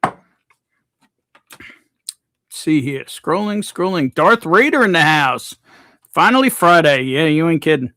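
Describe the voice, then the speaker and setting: A man's voice: fairly high pitch, animated, a little slow, long pauses, sharp tone, no echo, clean studio sound. A man hosting a casual livestream, reading out viewers' names from the chat and greeting them one by one. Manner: reads chat names aloud, laid-back. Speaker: livestream host.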